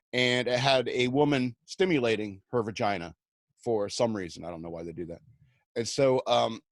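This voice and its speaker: A man's voice: mid-range voice, no room sound. A man hosting a radio show tells a rambling, self-mocking comic story, slipping into the voices of the people in it. His voice sits in a middle register and is recorded close and dry, with no room sound. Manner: rambling, self-mocking anecdotes with acted-out quotes.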